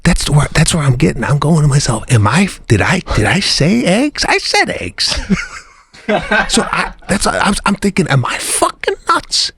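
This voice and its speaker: A man's voice: a little high, big pitch swings, moderate pace, creaky, a bit bright, slightly rough, dry recording. A middle-aged man co-hosting a podcast, venting in casual chat and acting out what others said. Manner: exasperated venting, acts out quotes. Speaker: podcast co-host.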